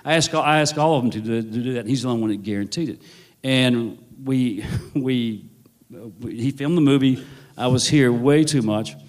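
A man's voice: medium pitch, normal speed. Wry man telling a long anecdote. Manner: rambling, self-correcting, wry. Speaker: novelist guest. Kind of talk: anecdotal storytelling.

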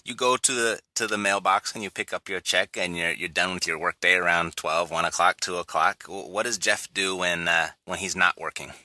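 A man hosting an interview, asking relaxed questions and chiming in with short affirmations. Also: sits low, normal speed, few pauses, no room sound. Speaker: interview host. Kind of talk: casual interview talk.

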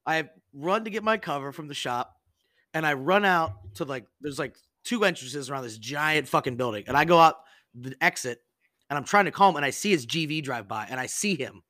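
Bright-voiced, foul-mouthed young man. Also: a little high, expressive, fairly quick, dry recording. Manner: profane, rambling storyteller. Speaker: podcast host. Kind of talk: casual chat.

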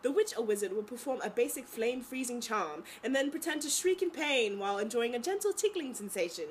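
A woman's voice: a little high, animated, brisk, a little hiss or hum, lightly acted. A woman reading a book passage aloud in a playful, put-on British accent. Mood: amused reading.

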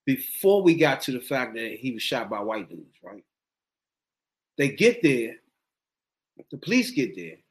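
Animated storytelling man, lively pitch. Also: unhurried, pauses often. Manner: animated, profane, slangy, acts out quotes. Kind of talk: casual chat, storytelling.

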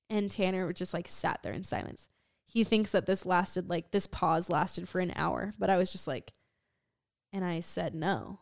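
A young woman co-hosting a podcast, telling a personal story in casual chat with lots of "like" fillers, often dropping to a soft low voice. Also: measured pace, gravelly, dry recording, studio quality. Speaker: podcast co-host.

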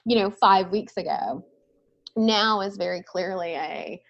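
A woman's voice: medium pitch, unhurried, gravelly, lo-fi sound. A woman in her thirties talking as a guest in a casual conversation, thoughtful and often ending points with a questioning "right?".

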